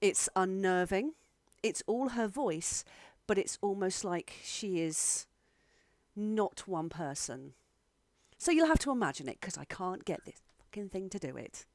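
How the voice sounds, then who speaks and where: A woman's voice: mid-range voice, very animated, unhurried, a little mellow, dry recording. A woman narrating a tabletop game as game master, describing scenes and chatting casually over an online call.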